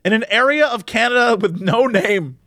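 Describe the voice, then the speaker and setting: A man co-hosting a podcast in casual chat, excitable and swearing freely. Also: high-pitched, normal speed, dry recording, studio quality. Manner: excitable, swearing, puts on mock voices. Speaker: podcast co-host.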